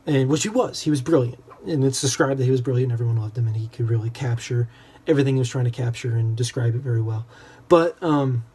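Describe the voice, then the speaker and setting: A man's voice: mid-range voice, quick pace, dark tone, breathy edge. A young man in a casual, rambling book discussion, full of self-deprecating asides. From United States.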